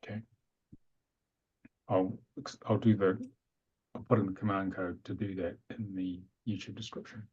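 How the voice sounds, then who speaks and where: A man guiding a breathing meditation over a video call, calm and instructive with some restarts. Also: low voice, moderate pace, long pauses, husky. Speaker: meditation teacher. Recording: dull lo-fi webinar audio.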